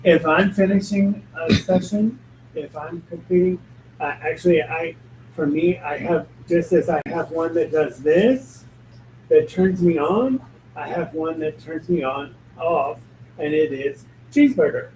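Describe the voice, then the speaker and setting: A man who works as a spiritual medium talks casually, emphatic, blunt and joking. His voice is a little high with a darkish tone and a measured pace, recorded in an echoey room on a distant mic with faint noise.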